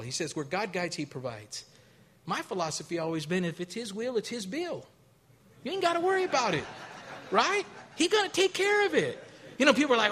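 A male pastor preaching a sermon, telling stories with acted-out quotes, rising to loud, high bursts and dropping to quiet, low stretches. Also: lively intonation, fairly quick. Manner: storytelling with acted quotes and a casual, folksy delivery.

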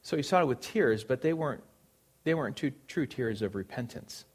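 A man's voice: mid-range voice, lively intonation, a little fast, breathy edge. A man preaching a sermon, earnest and emphatic, repeating phrases for stress.

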